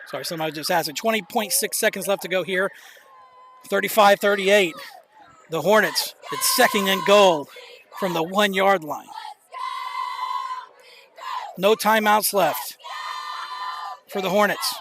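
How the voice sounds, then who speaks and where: A young man calling a live high school football game as play-by-play commentator, excitable, openly nervous and rooting for his team. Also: normal speed, pauses often, a crowd in the background. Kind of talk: live local sports commentary. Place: outdoor stadium bleachers. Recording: noisy outdoor stadium stream.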